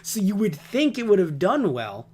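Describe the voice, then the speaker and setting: A man's voice: high-pitched, wildly swooping pitch, moderate pace, darkish tone, slightly rough. A man co-hosting a casual podcast, rambling and ranting with heavy swearing. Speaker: podcast co-host.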